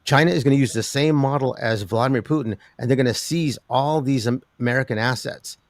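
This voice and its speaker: An older man, a guest in an interview talking about metals markets, who rambles with an animated delivery, many restarts and laughs. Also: medium pitch, brisk, no room sound. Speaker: precious metals commentator.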